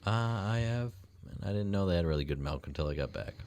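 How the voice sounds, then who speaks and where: A man co-hosting a casual podcast, joking around and quick to laugh. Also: sits low, expressive, darkish tone, dry recording. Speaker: podcast co-host. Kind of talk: casual chat.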